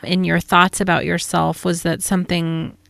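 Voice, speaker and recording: A woman hosting an interview, listening closely with short affirmations and asking gentle questions. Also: fairly low pitch, flat delivery, moderate pace, vocal fry, dry recording.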